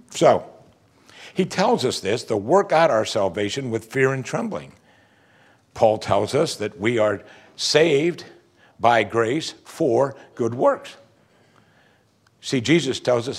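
Middle-aged pastor guy preaching, lots of ups and downs in his voice, kinda husky. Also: medium pitch, a little slow. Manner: animated preaching, quoting congregants in mock voices. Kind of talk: sermon.

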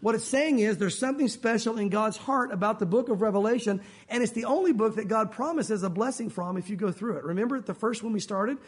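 A man's voice: high-pitched, quick pace, few pauses, breathy edge. A man preaching a sermon as pastor, earnest and direct, often calling his listeners "guys".

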